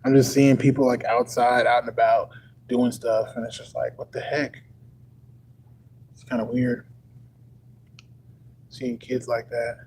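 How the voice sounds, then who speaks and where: A man's voice: mid-range voice, flat delivery, a little slow, pauses often, a little mellow, slight background noise, poor audio. A young man from Texas on a livestream, talking casually and rambling, packing his sentences with "like" and chuckling often. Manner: rambling, full of "like" fillers.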